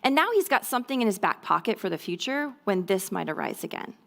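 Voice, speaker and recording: A woman speaks to a room of mothers in a relaxed, conversational teaching style, her voice sitting at an ordinary middle pitch. She keeps checking in with her listeners and now and then slips into quick impressions of children. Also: vocal fry. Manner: conversational, checks in with frequent "okay?" and "right?"; acts out children's voices in brief quoted lines. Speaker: speaker at a mothers' ministry talk. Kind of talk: church teaching talk on parenting.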